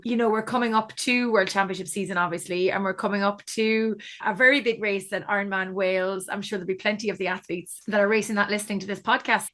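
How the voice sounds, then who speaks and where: A woman with an Irish accent hosting a podcast, asking questions in a measured, thoughtful way. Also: medium pitch, a bit bright. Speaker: podcast host. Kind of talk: interview questions.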